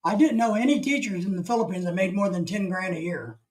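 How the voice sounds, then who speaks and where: A man's voice: high voice, fast, low-quality recording. A man from the United States hosting a casual live stream, rambling through opinions and reading chat comments aloud.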